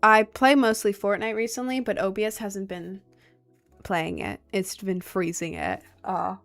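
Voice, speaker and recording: A young woman talks loosely on a home livestream, drifting between thoughts with plenty of "like" and "um." She sounds sleepy and keeps yawning, her pitch sitting in an ordinary middle range. Soft music plays faintly in the background. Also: animated, measured pace. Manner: rambling, filler-heavy, chatty. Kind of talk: casual livestream chat. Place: home streaming setup at a desk.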